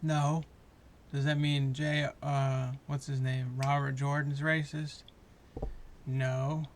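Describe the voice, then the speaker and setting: A man's voice: mid-range voice, flat delivery, slow pace, slight background noise. A man giving a heated, profane, passionate review of a show, talking in a casual rant.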